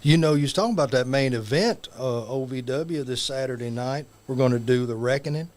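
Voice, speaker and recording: A man's voice: medium pitch, fairly quick, darkish tone. Folksy man spinning a yarn. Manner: drawling, folksy, jokey. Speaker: guest professional wrestler. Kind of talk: folksy storytelling and promo talk.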